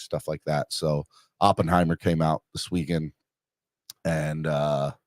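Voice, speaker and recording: A low-pitched middle-aged man hosts a podcast in a dry, studio-quality recording. While going through live comments he chats and rambles, putting himself down and leaning on fillers and restarts.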